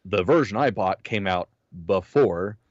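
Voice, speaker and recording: A man co-hosting a podcast in a casual, profane chat, his voice a little hoarse. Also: low-pitched, a little slow, no echo, dull audio. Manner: profane, animated storytelling. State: slightly hoarse. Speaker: podcast co-host.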